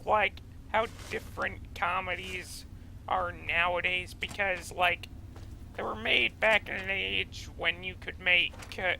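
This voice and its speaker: A man's voice: sits high, creaky, sharp tone, slight background noise, low-quality recording. A man giving casual commentary while playing a video game, chatty and rambling off on tangents. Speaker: let's play gamer.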